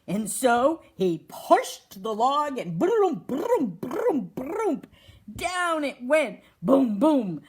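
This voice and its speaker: A woman's voice: high voice, extremely slow. A woman from a wildlife rescue reading a children's story aloud and asking the audience questions. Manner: animated, asks the audience questions.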